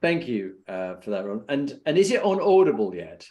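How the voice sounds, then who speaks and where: A man's voice: medium pitch, big pitch swings, normal speed, mellow. A middle-aged man from the United Kingdom hosting a podcast, asking long, rambling, supportive questions full of fillers. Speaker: podcast host. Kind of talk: interview conversation.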